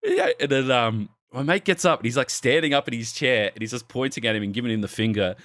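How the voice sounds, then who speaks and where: Clean studio sound with no room sound carries this young co-host's medium-pitched, slightly bright voice, captured on an arm-mounted desk microphone. He speaks quickly while spinning a casual podcast bar story, swearing, laughing, and doing the voices of the people in it.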